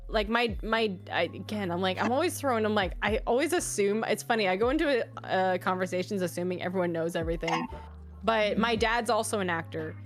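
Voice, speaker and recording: A young adult woman from Canada chatting as a podcast guest, telling animated stories, swearing freely and acting out the quotes. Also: mid-range voice, fairly quick, faint music behind. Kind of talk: casual chat on a live podcast.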